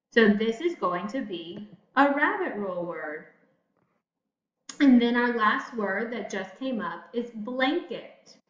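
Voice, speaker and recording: A woman teacher walks young students through a spelling lesson at a very slow, patient pace, praising them as she goes. Her voice sits a little high. It was recorded in an echoey room and sounds dull and lo-fi. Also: fairly bright tone.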